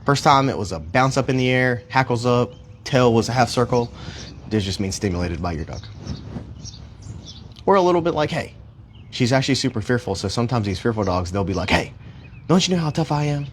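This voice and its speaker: A man's voice: medium pitch, lively intonation, fairly quick, long pauses, slight background noise. A man working as a dog trainer, talking casually and rambling a little in a park, with mild cursing. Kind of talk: casual livestream explanation. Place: outdoor park.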